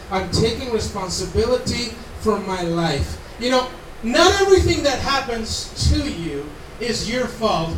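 This preacher's voice is extremely high-pitched and a bit bright as he gives an earnest, conversational sermon sprinkled with remarks to the congregation. A distant mic captures him in an echoey space, with slight background noise.

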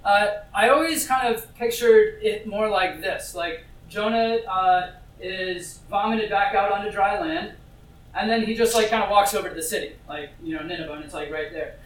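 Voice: mid-range voice, normal speed, a bit bright. Chatty preacher in a very echoey hall. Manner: chatty, with many fillers and asides to the audience. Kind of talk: casual conversational sermon. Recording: very echoey, distant, faint hiss.

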